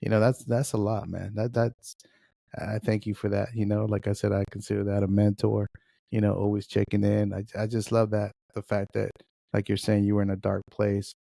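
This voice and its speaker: A man's voice: lowish voice, completely flat delivery, a little fast, creaky, dark tone, dry recording, studio quality. A man hosting a podcast in casual chat, easygoing and peppering his talk with "dude" and "man.". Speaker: podcast host.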